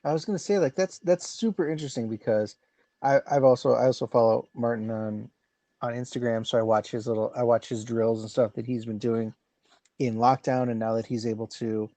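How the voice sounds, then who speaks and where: Mellow-voiced male podcast co-host. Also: medium pitch, fairly even intonation, brisk, dry recording. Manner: eager, stumbling restarts. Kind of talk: casual chat.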